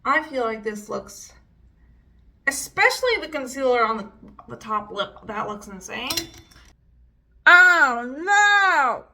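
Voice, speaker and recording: A young woman vlogs a makeup routine in a bright, slightly high voice. She talks casually and curses freely. Her frustration comes out in loud exclamations. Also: expressive, moderate pace, recorded from a distance. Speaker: beauty vlogger. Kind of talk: casual makeup vlog chat.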